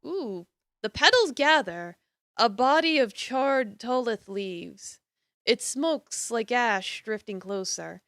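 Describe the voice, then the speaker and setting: Bright-voiced woman reading horror aloud. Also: fairly high pitch, expressive, takes it slowly, dry recording, studio quality. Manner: theatrical, swinging between hushed and emphatic lines. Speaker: streamer. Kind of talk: reading a horror visual novel aloud on stream.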